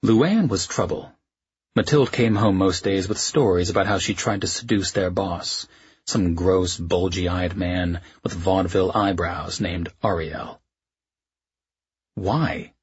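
A man narrating an audiobook in an expressive, wry way. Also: sits low, unhurried, breathy edge, dry recording, highs cut off. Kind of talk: scripted narration.

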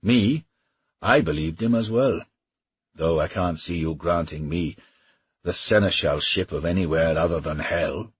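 Man reading talkative Welsh mercenary, teasing, husky voice, pitched up from a low base, dull audiobook sound. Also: measured pace, dry recording, heavily acted. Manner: wry, chatty, teasing.

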